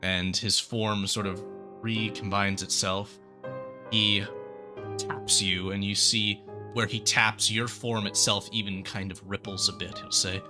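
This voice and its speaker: A man narrating as game master of a tabletop game, in a measured storytelling manner. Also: lowish voice, little pitch movement, over music.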